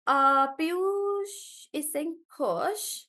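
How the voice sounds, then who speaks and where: A woman's voice: very high-pitched, drawn-out words, sharp tone. A woman teaching in a live online class, chatty and encouraging as she praises students by name and laughs often. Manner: laughs often between explanations. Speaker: English teacher.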